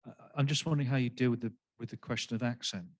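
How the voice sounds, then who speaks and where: A man's voice: mid-range voice, steady tone, rapid-fire, no room sound. A man with a non-Canadian accent, a psychiatrist in a workshop discussion, speaking hesitantly with fillers and restarts.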